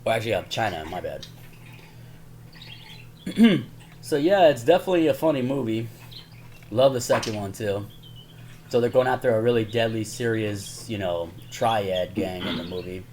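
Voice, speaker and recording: A man's voice: fairly low pitch, moderate pace, long pauses, a little mellow, a little hiss or hum. A man casually recapping favorite comedy movies on his channel, rambling and chuckling, peppering his talk with "man" and "y'all". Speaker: YouTuber.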